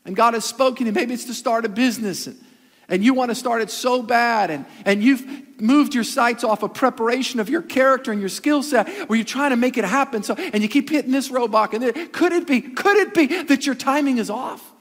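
A man's voice: very high voice, fairly quick, fairly bright tone, long reverb tail. A man pastor giving a sermon, emphatic and repeating his phrases for weight.

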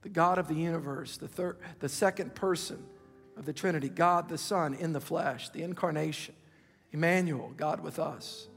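A man in his fifties preaching a sermon with impassioned urgency, dropping at times to hushed, intimate asides. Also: on the high side, normal speed, creaky, in a large hall, soft background music. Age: 50s. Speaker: pastor.

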